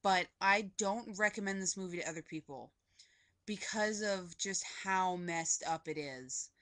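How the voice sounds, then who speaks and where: A woman's voice: lowish voice, unhurried, a bit bright. A young woman vlogging a casual movie review from home on a webcam, gushing and rambling with lots of "like". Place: indoors at home, poorly lit.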